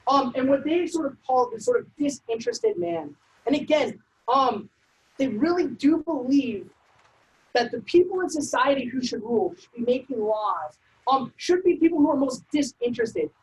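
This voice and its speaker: High-voiced woman giving a brisk lecture. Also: expressive, low-quality recording. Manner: brisk, conversational, frequent um and uh. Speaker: civics workshop presenter. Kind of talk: informal lecture.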